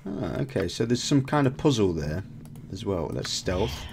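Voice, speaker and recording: A man's voice: fairly low pitch, big pitch swings, moderate pace, gravelly, darkish tone, a little hiss or hum. A man hosting a game video, chatting through his playthrough and laughing at his own slips. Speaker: gaming video host.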